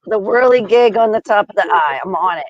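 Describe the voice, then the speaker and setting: A woman's voice: medium pitch, expressive, fairly quick, no echo, lo-fi sound. A woman co-hosting a casual live stream, asking question after question in a teasing way. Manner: curious, teasing, asks many questions.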